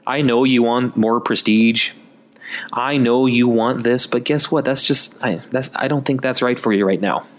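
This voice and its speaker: A man's voice: medium pitch, steady tone, moderate pace, natural voice. A man voicing a stern but loving fatherly God who speaks firmly and patiently to a pouting child. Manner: firm, patient, reassuring.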